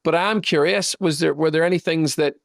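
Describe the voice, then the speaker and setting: A man's voice: a little high, fairly quick, vocal fry, dry recording, studio quality. A man hosting a podcast, reflecting on his guest's story and thinking aloud as he works toward a question. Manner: searching, thinks aloud while framing a question. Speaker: podcast host. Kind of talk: reflective conversational response.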